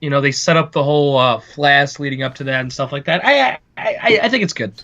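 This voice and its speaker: A man's voice: a little high, brisk, bright, forceful tone, highs cut off. A man co-hosting a movie podcast in casual chat, talking with enthusiasm and often repeating words as he starts a thought. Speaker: podcast co-host.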